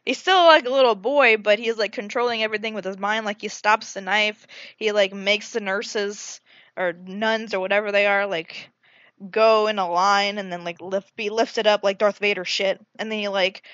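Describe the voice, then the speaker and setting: A young woman casually recapping a horror movie, animated and swearing, acting out the characters' lines with lots of "like" fillers. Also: mid-range voice, no echo, lo-fi sound.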